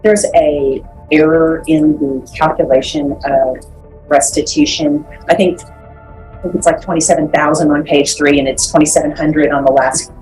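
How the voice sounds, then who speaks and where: A woman's voice: low voice, steady tone, normal speed, a little mellow, faint music behind, poor audio. A woman defense attorney speaking in court, a little hesitant, with fillers and restarts. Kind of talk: courtroom proceedings.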